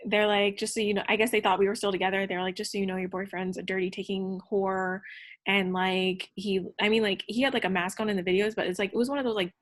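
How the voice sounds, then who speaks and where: A woman's voice: mid-range voice, fairly even intonation, quick pace, hardly any pauses. A young woman, a podcast guest, telling a personal story in casual chat, candid and profane, with lots of fillers.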